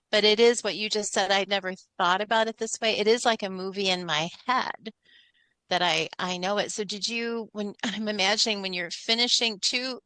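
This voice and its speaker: A woman's voice: medium pitch, bright, forceful tone, clean tone, no room sound, low-quality recording. A woman co-hosting a podcast who asks eager, rambling questions, stacking them one after another. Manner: eager, piles up several questions at once. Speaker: podcast co-host. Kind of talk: casual interview chat.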